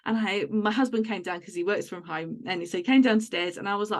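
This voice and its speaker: A woman hosts a relaxed podcast conversation in a mid-range voice. She is chatty and tells long, wandering stories about her household, with plenty of filler words. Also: mid-range voice, brisk. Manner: chatty, tells rambling home anecdotes. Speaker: podcast host. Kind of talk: casual chat.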